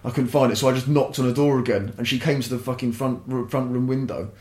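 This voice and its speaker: Cursing freely, a young man guesting on a podcast rambles through a casual, animated story. His voice is mid-range and fast, heard with an echoey room sound.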